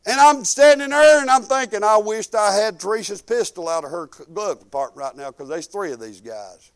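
A man's voice: high-pitched, fairly quick, clean tone. An older man, a pastor telling folksy stories in a sermon and acting out the quotes. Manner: folksy, animated storytelling with acted-out quotes. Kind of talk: storytelling sermon.

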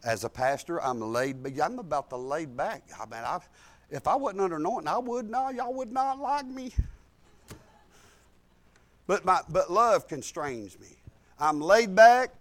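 An older man, a pastor telling family stories in a sermon and swinging from soft asides to bold, loud preaching. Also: sits high, animated, unhurried. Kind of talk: storytelling sermon.

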